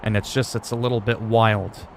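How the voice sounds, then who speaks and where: A man with a fairly low voice talks to his stream chat, blunt and profane. A constant hum of game and engine noise sits clearly under him. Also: normal speed. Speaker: livestreamer. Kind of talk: casual chat while gaming. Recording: steady background noise.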